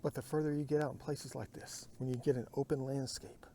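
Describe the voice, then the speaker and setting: Man vlogging from a kayak out on a lake, mellow voice, musing into his phone, often drops to a murmur. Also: medium pitch, little pitch movement, fairly quick, slight background noise. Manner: muses aloud, drifting to murmurs and whispers. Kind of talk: rambling outdoor vlog.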